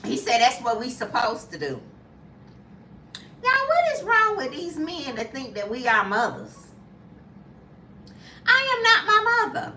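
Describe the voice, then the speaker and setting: A woman in her fifties chatting casually as a vlogger, emphatic and quick to laugh. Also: sits high, wildly swooping pitch, bright, forceful tone, a little hiss or hum. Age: 50s. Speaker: lifestyle vlogger. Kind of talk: casual live chat. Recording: echoey room from a distance.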